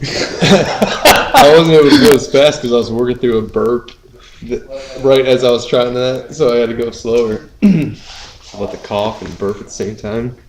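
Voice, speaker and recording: A man's voice: mid-range voice, unhurried, pauses often, roomy sound, noisy background. A man co-hosting a casual podcast chat, joking and laughing, often slipping into mock voices for the people he quotes. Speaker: podcast co-host.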